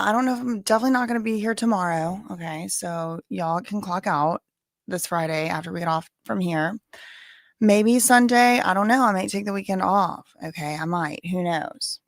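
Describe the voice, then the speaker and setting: A woman's voice: a little high, dry recording. Woman livestream host, Cajun accent, rambling casual chat, close dry mic. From Louisiana. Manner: chatty, rambling, with filler words and asides.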